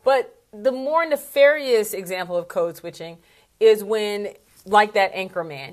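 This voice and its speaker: A middle-aged woman coaching on public speaking in an animated, conversational way with quick asides. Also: mid-range voice. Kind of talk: casual talk to camera or live stream.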